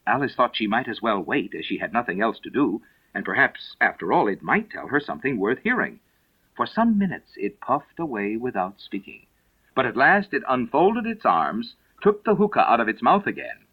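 Husky male audiobook narrator. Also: medium pitch, normal speed. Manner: expressive storytelling. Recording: dull lo-fi recording.

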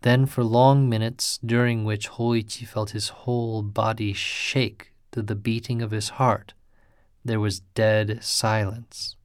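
A man giving a measured, deliberate scripted narration of a ghost tale. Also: on the low side, level tone, clean tone, no echo, studio quality.

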